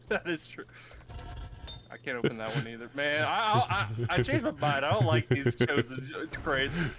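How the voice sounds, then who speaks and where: A man's voice: a little high, very animated, normal speed, over a noisy crowd. A man co-playing a game, talking bluntly and swearing at loot. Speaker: co-player. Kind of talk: casual game-stream banter. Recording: noisy mic feed.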